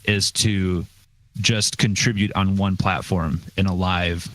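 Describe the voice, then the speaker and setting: A man, a guest drummer on a podcast, explaining things in a halting way and repeating words. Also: deep voice, fairly even intonation, fairly bright tone. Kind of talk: casual chat.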